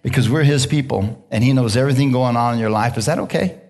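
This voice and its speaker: A man's voice: mid-range voice, fast talker. Call-and-response man preaching a sermon. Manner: call-and-response, frequent "hallelujah" and "amen?"; relaxed, laughing, conversational preaching. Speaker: pastor. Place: church sanctuary.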